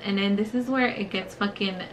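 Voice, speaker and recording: A young woman tells a story as she does her makeup, swearing freely and using lots of fillers. Her voice sits at an ordinary middle pitch. She is close to the camera mic, with a faint noise behind her. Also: moderate pace. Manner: profane, filler-heavy, animated storytelling. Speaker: beauty vlogger. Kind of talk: casual storytime while doing makeup.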